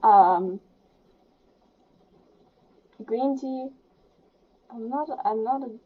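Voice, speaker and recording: A woman's voice: a little high, very slow. A young woman playing a story game, reading it aloud with giggly, chatty asides. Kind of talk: reading a visual novel aloud with commentary. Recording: dull lo-fi sound.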